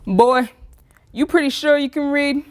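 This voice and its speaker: A woman voicing a loud, bullying male small-town official who barks and mocks in an interrogation. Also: extremely high pitch, fairly even intonation, unhurried, a little hiss or hum, pitched above the performer's own voice. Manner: barking, mocking interrogation.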